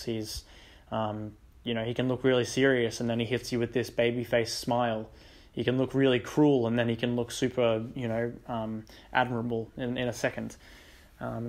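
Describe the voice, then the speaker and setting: A young man talks through a manga story in a relaxed, unscripted way, stopping often for ums and likes. His voice sits in an ordinary middle pitch, and he quotes the characters in his own plain tone. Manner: loose, rambling retelling with many ums and likes. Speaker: book and manga reviewer. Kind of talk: casual plot recap.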